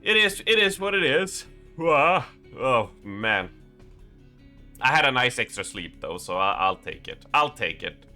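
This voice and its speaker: Chatty young male streamer, bright voice. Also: medium pitch, sing-song, measured pace, soft background music. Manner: rambling, chatty, with lots of fillers. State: strained, slightly worn voice. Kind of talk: casual live-stream chat.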